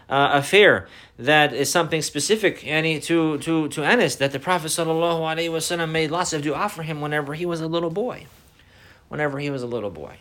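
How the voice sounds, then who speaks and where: Male religious teacher, a touch high in pitch; deliberate, repeats lines, sprinkles Arabic phrases. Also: fairly bright tone. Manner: repeats key phrases, deliberate explanatory delivery; mixes Arabic phrases into English. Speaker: Islamic teacher. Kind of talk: religious lesson.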